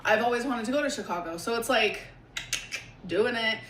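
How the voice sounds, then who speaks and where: A woman's voice: a little high, normal speed, crowd noise. Gushing woman vlogger, echoey room. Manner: gushing, excitable, full of fillers. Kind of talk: casual vlog talk to camera. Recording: echoey room with faint background hiss.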